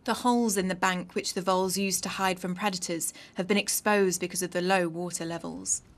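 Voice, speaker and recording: A female reporter narrates a scripted news piece. Her voice is fairly low and her delivery measured. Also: fairly even intonation.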